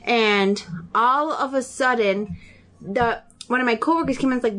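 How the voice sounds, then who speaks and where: A woman's voice: a little high, a little slow. A woman co-hosting a podcast, chatting casually and acting out the people in her stories. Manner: animated storyteller, acts out quoted dialogue. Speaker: podcast co-host. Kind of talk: casual chat.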